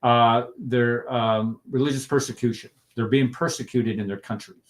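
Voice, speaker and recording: A man in a discussion group, speaking emphatically and stacking rhetorical questions, slowing down to stress his points. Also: mid-range voice, fairly even intonation. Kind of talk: impassioned discussion talk.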